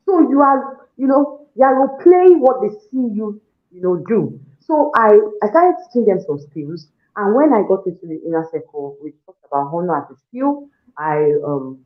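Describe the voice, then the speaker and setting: A woman with a Nigerian accent giving an animated testimonial, acting out her own scolding and prayers and laughing often. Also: on the low side. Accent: Nigerian English. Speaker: parenting program participant. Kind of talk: testimonial interview. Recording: echoey room on a tinny phone-like line.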